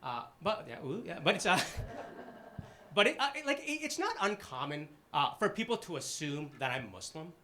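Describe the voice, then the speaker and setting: A young man from the Boston area doing a stand-up set on a live stage, with a halting, filler-heavy delivery and dry, self-deprecating punchlines. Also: a little high, sing-song, pushed and bright, a little hiss or hum. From Boston area, Massachusetts. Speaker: stand-up comedian. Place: live comedy stage with an audience.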